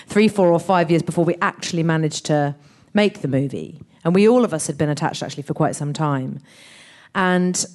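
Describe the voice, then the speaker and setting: Animated, expressive actress telling stories. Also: female voice, on the low side. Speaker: actress and guest. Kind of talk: anecdotal interview chat.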